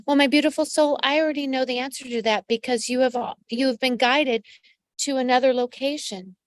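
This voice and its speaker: A woman's voice: high-pitched, fairly even intonation, fairly quick. A woman psychic medium hosting a live astrology reading, giving direct advice and calling her listeners pet names.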